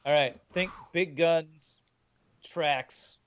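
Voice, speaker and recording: A man's voice: a little high, very slow. A man playing in a tabletop game, easygoing and laughing often. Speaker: player. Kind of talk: casual tabletop play. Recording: dull, lo-fi mic.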